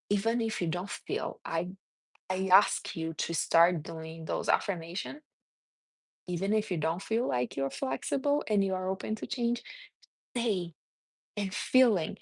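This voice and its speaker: A woman with a Brazilian accent speaks in a casual, earnest live-stream style, her everyday voice sitting mid-range and jumping up high when she gets lively. The sound is close and dead dry, with no room in it. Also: no echo. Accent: Brazilian Portuguese. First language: Portuguese. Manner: earnest, reads live chat names, answers viewers. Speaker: self-esteem coach hosting a live stream.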